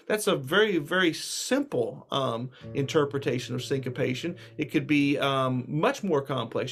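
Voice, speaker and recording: A man's voice: medium pitch, normal speed, hardly any pauses. A man giving a casual music lecture, reassuring and full of fillers, with guitar playing between his talk. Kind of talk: relaxed spoken lecture with instrument demos.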